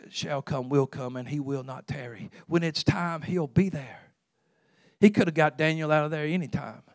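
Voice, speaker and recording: A man preaching a sermon as pastor, fervent and swinging between loud calls and hushed, quiet passages. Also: mid-range voice, dry recording, studio quality.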